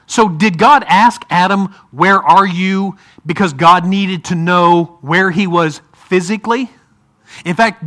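A man with an Ohio accent leads a Bible study, his voice high and bright. He talks in an easygoing, conversational way and keeps checking in with the group through questions. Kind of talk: interactive Bible teaching.

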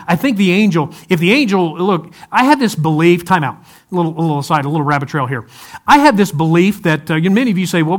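A man preaching a sermon as a pastor, talking conversationally with his congregation, asking them questions and acting out quoted speech. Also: a little high. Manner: animated, acts out quoted speech.

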